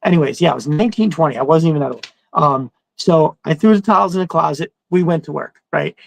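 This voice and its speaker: A man, a podcast host, telling a long personal story in casual chat, animated and acting out quotes in a raised voice, swearing freely. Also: on the high side, fast, creaky, no room sound, poor audio.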